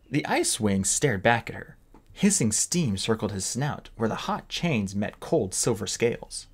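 Animated male storybook narrator. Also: fairly low pitch, a little slow, husky. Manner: expressive, animated reading. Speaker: audiobook reader.

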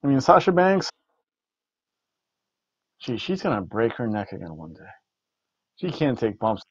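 A man's voice: medium pitch, sing-song, a little slow, slightly rough, dry recording. A man casually reviewing a wrestling event, rambling and repeating words as he rates matches with food jokes. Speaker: podcast co-host reviewing wrestling. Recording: dull lo-fi dry recording.

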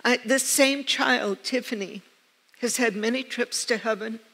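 Unhurried and sharp-toned, with a voice on the high side, an older woman from the United States preaches a sermon as pastor. She earnestly and emphatically repeats points while telling personal stories, her words echoing with long reverb in the church sanctuary.

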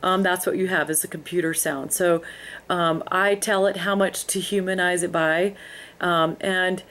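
A woman talks through a screen-recorded tutorial in a fairly low voice. She explains each step in an unhurried way, pausing often on ums as she goes. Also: fairly even intonation, fairly bright tone, faint music behind. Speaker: music software instructor.

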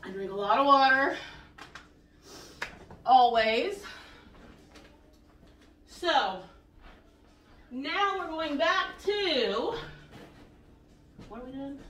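Chatty woman vlogger counting reps at home, a touch out of breath; bright voice, recorded from across an echoey room. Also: sits high, lively intonation, drawn-out words, long pauses, far from the mic, slight background noise. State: a little out of breath. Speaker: vlogger doing a home workout. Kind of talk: casual workout vlog with rep counting.

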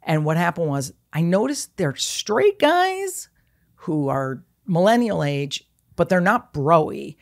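Low-voiced blunt woman in her sixties. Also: slow pace. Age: 60s. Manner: blunt, profane, animated storytelling. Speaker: podcast guest. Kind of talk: casual chat.

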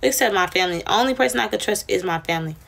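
A woman's voice: mid-range voice, racing, gravelly, fairly bright tone. A young woman chatting casually on a livestream, telling a rambling, slangy, profane story to her viewers.

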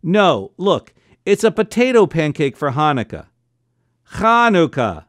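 Animated cantor reading a bedtime story. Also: male voice, measured pace, dry recording, studio quality. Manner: jumps into high excited voices for family members' quotes.

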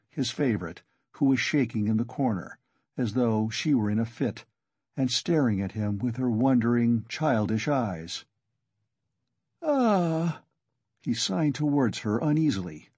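A male audiobook narrator reads a classic novel in a steady, measured way. His voice is dark, mellow and a little husky. The recording is dry and close, with no room around it. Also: medium pitch, no echo.

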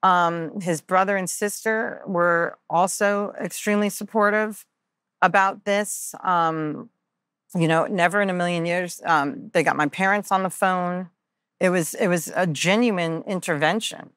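A woman with a notably low speaking voice sits as a podcast guest and tells a personal story in an earnest, candid way. She fills pauses with frequent ums and uhs and slips into the voices of the people she quotes. The recording is close and dry. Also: fairly even intonation, a bit bright, smooth, no echo.

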